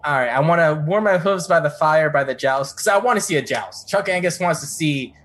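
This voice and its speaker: A man's voice: fairly high pitch, a bit bright. Joking man playing a tabletop game. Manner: quick, joking, narrates his character's actions. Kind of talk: casual game chat.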